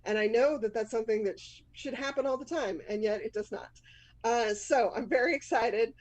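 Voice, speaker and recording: A woman's voice: on the high side, fairly quick, darkish tone, low-quality recording. A woman in her fifties with a Boston accent, hosting a live storytelling show, telling a personal story candidly and laughing often at herself.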